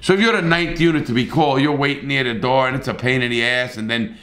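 A man's voice: mid-range voice, quick pace, a bit bright, reverberant. A middle-aged man telling a story in a blunt, profane, casual way, with repeated starts.

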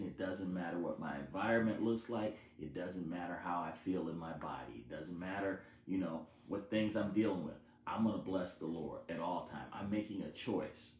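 A man preaching a conversational Bible-study sermon. He keeps checking in with "okay?" and lifts his voice to stress a point. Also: a little mellow. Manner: rises in pitch and volume for emphasis. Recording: echoey room with faint hiss.

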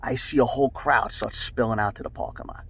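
悪態まじりに語る中年男性. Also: male voice, medium pitch, fairly quick, a little hiss or hum. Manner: profane, rambling, animated. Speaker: host. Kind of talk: casual storytelling.

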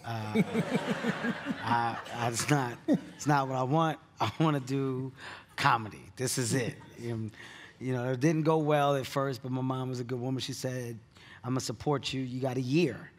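A man who is a comedian, telling stories in an onstage keynote interview with animated delivery and bursts of laughter. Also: medium pitch, moderate pace. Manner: animated storyteller, laughs at his own story. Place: conference stage.

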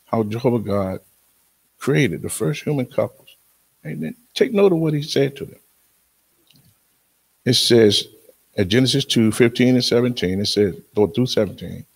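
A man speaking at a funeral service as the uncle of the deceased, giving a sermon with Bible readings in a halting way, with many restarts and sudden emphatic rises. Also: mid-range voice, big pitch swings, vocal fry, slightly rough.

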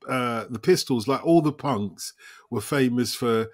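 Male host type, anecdotal and chatty, middle-pitched voice, dry recording. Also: measured pace, no room sound. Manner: rambling anecdotal storyteller, quotes people in lively voices. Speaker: podcast host. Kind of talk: casual chat.

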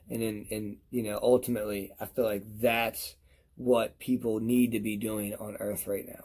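Husky-voiced man ranting while high. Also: a little mellow. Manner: profane, rambling, repeats himself. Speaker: product reviewer. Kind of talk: rambling casual rant to camera.

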